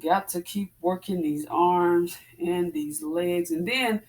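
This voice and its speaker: A woman's voice: fairly low pitch, slow, darkish tone. A woman in her forties chatting casually to her viewers while she works out, a little out of breath, calling them "y'all". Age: 40s. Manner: chatty, addresses viewers as y'all, breathy exclamations between exercises. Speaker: fitness vlogger. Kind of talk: casual chat while working out.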